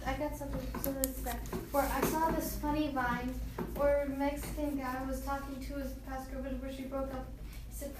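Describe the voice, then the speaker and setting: A woman's voice: sits high, level tone, a little fast. A woman student chattily telling a funny story in class. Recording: distant, echoey, noisy room.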